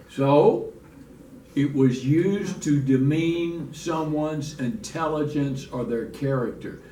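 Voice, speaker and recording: A man's voice: medium pitch, darkish tone. Folksy man teaching Bible class. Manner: folksy, repeats and restarts, reads scripture aloud. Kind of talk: church Bible lesson. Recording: echoey room from far off, faint noise.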